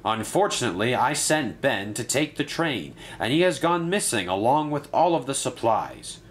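Storybook authority: man voicing a stern railway boss, formal and lively. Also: medium pitch, moderate pace, slight background noise, voice pushed up, lightly acted. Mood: grave. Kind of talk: storybook narration.

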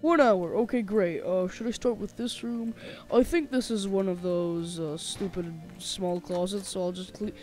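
A man's voice: high voice, normal speed, darkish tone, soft background music, natural voice. A young man voicing a chatty, hapless male robot bear janitor in a game role-play, muttering to himself as he works. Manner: mutters to himself while working.

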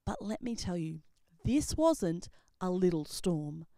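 Expressive woman telling kids a Bible story. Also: on the low side, slow, vocal fry, no room sound. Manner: expressive, drops to whispers and jumps to loud exclaims. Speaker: children's ministry presenter.

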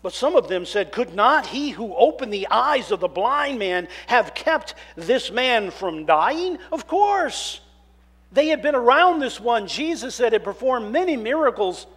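Preacher, man, high voice, swings from hushed reading to loud storytelling. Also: unhurried. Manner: dramatic shifts between hushed scripture reading and loud animated storytelling. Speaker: minister. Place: church sanctuary.

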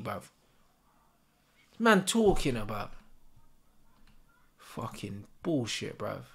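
A man's voice: fairly high pitch, husky. Furious swearing man. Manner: furious, swearing constantly, slangy. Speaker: football fan channel host. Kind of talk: live match reaction rant.

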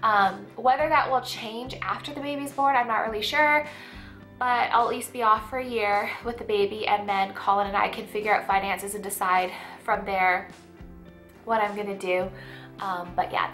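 A woman's voice: mid-range voice, fairly even intonation, moderate pace, fairly bright tone, soft background music. A young woman vlogging in a casual chat to camera, stuffy and out of breath, talking with lots of fillers. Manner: chatty, many fillers and likes.

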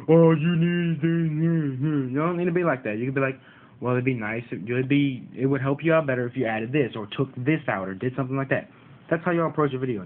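A man rants to his viewers about rude comments on his card game videos, repeating himself and mocking commenters. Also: medium pitch. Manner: frustrated, repetitive, mocks commenters. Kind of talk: ranting vlog to viewers. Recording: tinny phone-like audio.

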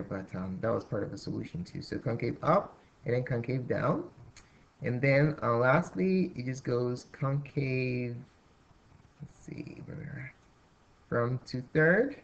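A man's voice: medium pitch, creaky. A man teaching a calculus lesson at a whiteboard, thinking aloud with restarts and fillers. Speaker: math teacher. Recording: dull lo-fi recording.

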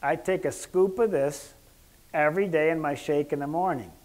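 A man giving a casual health lecture as a doctor, joking and rambling, clearing his throat often. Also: fairly high pitch, normal speed, a little mellow.

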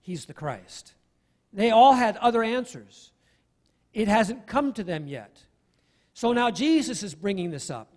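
A man's voice: sits high, expressive, measured pace, a little mellow, big-room sound. A man preaching a sermon as pastor, in a conversational way with asides to the congregation. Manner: conversational, with asides and acted-out quotes. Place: church sanctuary.

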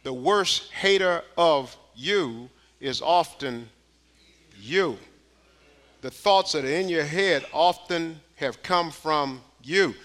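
A man preaching a sermon in church, dropping to a hush and climbing to shouted, repeated rhetorical questions with folksy street phrasing. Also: a little high, takes it slowly. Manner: preaching with swings from hushed to shouted calls. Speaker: pastor. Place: church sanctuary.

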